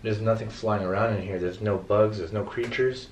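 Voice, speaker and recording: A young man vlogging a night of ghost hunting in a hotel room, talking in hushed tones and calling out to spirits. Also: fairly low pitch, steady tone, moderate pace. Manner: hushed then suddenly loud, calling out to spirits. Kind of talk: casual ghost-hunting vlog. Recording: echoey room, clear background noise.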